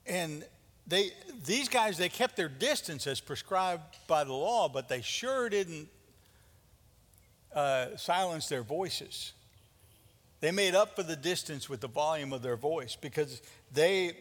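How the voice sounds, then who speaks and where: A fairly high-voiced man preaches with animated, dramatic energy, stumbling and repeating words as he builds his points. His voice rings through a church hall with a long, trailing reverb. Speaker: pastor. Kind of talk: sermon.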